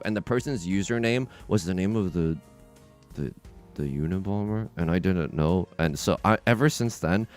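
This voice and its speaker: A young man chatting casually while streaming a mahjong game, rambling and self-deprecating, with nervous asides and sudden loud outbursts. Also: mid-range voice. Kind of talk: casual livestream chat while playing mahjong.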